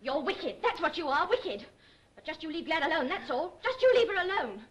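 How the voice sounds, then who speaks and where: A woman's voice: very high voice, very animated, a little fast. A lovesick, pleading shopgirl. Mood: indignant. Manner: pleading, plaintive. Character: lovesick, jealous young working-class shopgirl. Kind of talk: 1930s film acting.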